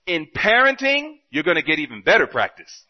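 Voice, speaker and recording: A man preaching a sermon, telling a story with quoted dialogue and swinging between loud and soft passages. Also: high voice, huge pitch swings, a little fast, muffled recording.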